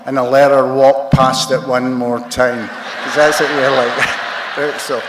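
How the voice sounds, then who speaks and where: Scottish man, 60s, unhurried comic storyteller with self-mocking humor, speaking in a roomy hall with long reverb. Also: medium pitch, little pitch movement. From Scotland. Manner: wry, joking, self-mocking. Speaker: recovery meeting speaker. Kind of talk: comic storytelling talk to a crowd. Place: large convention hall. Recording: echoey hall, faint noise.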